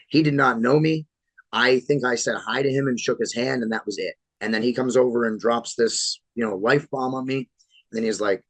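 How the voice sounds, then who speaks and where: A man in his thirties from Florida, a pro wrestler telling animated, swear-laced stories as a podcast guest. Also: mid-range voice, brisk, dry recording, poor audio. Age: 30s. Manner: animated storyteller, swears freely. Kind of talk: casual podcast interview storytelling.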